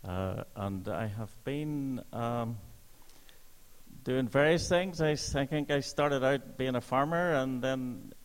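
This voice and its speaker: A man's voice: medium pitch, slow, clean tone. An older man with a Northern Irish accent, chatting good-humouredly as a guest on a church panel. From Northern Ireland. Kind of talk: casual panel chat. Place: church hall. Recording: long reverb of a hall.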